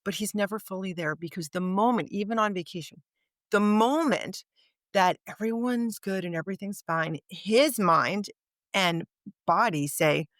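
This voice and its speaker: A woman's voice: medium pitch, normal speed, fairly bright tone, no echo, studio quality. A woman guest on a podcast, telling a story in conversation and acting out the dialogue of the people in it. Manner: vivid anecdote teller, acts out quoted dialogue.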